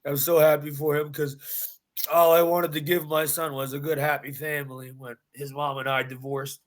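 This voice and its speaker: A man's voice: on the high side, level tone, normal speed. A man, a bare-knuckle fighter, recounting his win in a post-fight interview with intense, emphatic storytelling and repeated phrases. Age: adult.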